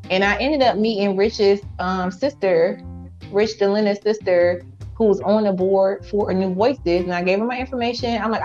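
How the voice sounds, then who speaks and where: Animated woman telling her own story. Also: mid-range voice, moderate pace, highs cut off, soft background music. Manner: animated, acts out her own past lines. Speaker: entrepreneur guest. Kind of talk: casual storytelling.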